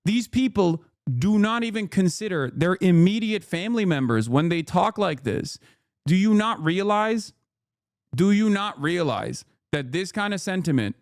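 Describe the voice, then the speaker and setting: A man's voice: high-pitched, no echo. Profane, exasperated male streamer, dry close sound. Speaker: streamer host. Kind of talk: casual reaction commentary.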